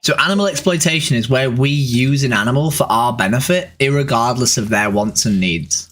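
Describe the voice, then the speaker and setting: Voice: mid-range voice, brisk, fairly bright tone. An adult in their thirties, a vegan activist streamer, joking and swearing casually before asking strangers earnest, persuasive questions on a video chat. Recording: noisy webcam audio.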